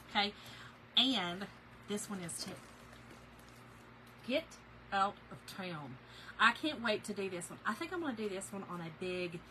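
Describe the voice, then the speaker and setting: A woman's voice: mid-range voice, bright, forceful tone, a little hiss or hum, rough recording. A middle-aged woman hosts a casual craft live stream, chatting and gushing while reading viewer comments.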